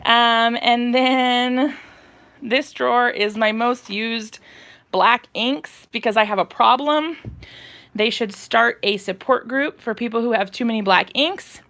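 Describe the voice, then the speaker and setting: A woman's voice: a little high, slow pace, a bit bright. Chatty, breathless woman showing her craft room. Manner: chatty, rambling, lots of fillers and laughs. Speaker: craft channel host. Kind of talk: live-stream craft room tour.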